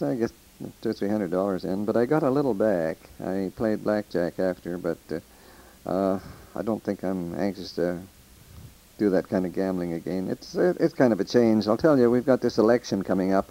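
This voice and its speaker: A man's voice: on the low side, dark tone, poor audio. An older man telling rambling, folksy stories of the old days into a taped letter, with restarts and quoted voices. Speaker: storyteller recording a taped letter. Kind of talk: casual spoken reminiscence.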